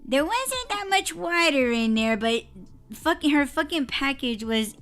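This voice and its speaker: A woman's voice: sits high, expressive, unhurried, a bit bright, soft background music. A woman co-hosting a casual podcast, telling a story in a heated, profane way and breaking into laughter. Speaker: podcast co-host.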